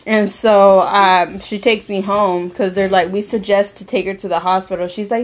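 A teenage girl telling a story in casual, slangy chat, animated and quick to laugh. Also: medium pitch.

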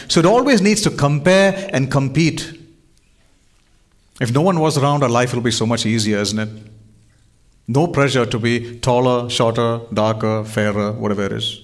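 A man's voice: medium pitch, moderate pace. A man pastor preaching a sermon in an earnest way, often asking his listeners rhetorical questions.

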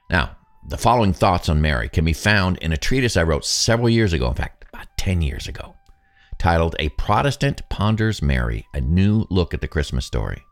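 A man in his sixties hosting a solo podcast, musing aloud in a conversational, self-deprecating way. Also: low voice. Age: 60s. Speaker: podcast host. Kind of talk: reflective solo podcast monologue.

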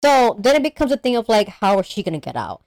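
A woman co-hosting a podcast, recapping a horror movie in an animated, profane way and acting out the characters' lines. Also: medium pitch, fast talker, no echo. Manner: animated storyteller, acts out characters, swears freely. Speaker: podcast co-host. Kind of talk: casual movie recap chat.

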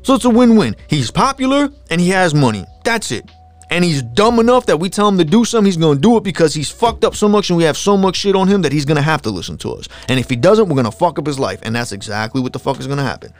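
Profane, animated man ranting on a podcast. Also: on the high side, fast. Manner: profane, animated, mocking impressions. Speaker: podcast host. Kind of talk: casual solo podcast rant.

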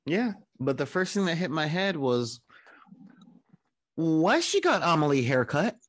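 A man's voice: on the high side, big pitch swings, measured pace, a bit bright. A man co-hosting a podcast in casual chat, drawling and acting out quoted reactions. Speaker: podcast co-host.

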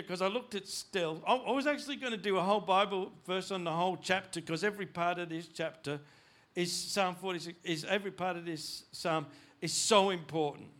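A middle-aged male pastor preaching a sermon, animated, with frequent restarts, growing loud and urgent in places. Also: high-pitched. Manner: animated preaching, rising loud when voicing God; frequent restarts and repeated words.

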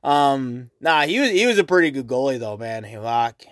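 A man's voice: medium pitch, moderate pace, a bit bright, no room sound, clean studio sound. A young man hosting a casual solo podcast, rambling and swearing, full of fillers. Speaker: podcast host.

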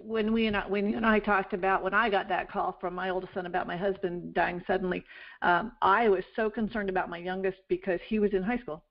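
Middle-aged woman host, gentle interviewer, dull lo-fi recording. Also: mid-range voice, little pitch movement, brisk. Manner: gentle, affirming questions. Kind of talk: interview conversation. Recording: dull lo-fi sound.

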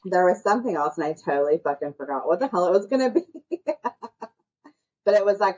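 A woman's voice: on the low side, expressive, brisk, darkish tone, husky, poor audio. A woman co-hosting a podcast, talking bluntly, swearing freely and rambling in casual chat. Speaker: podcast co-host.

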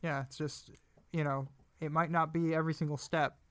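Smooth laid-back man, slightly high. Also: level tone, normal speed, a bit bright, dry recording. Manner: laid-back, loose phrasing with "or whatever". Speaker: podcast guest. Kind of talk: casual chat.

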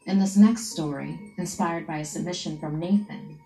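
A woman narrating a scary story in a hushed, dramatic way, with music playing behind her. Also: lowish voice, normal speed. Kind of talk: scripted spooky story narration. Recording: echoey room with music behind. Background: background music.

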